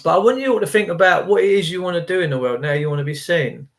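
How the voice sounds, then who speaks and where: Rambling man with a high voice. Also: quick pace, fairly bright tone. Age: 50s. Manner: rambling, preachy, indignant. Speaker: vlogger on a livestream. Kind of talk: casual ranting monologue.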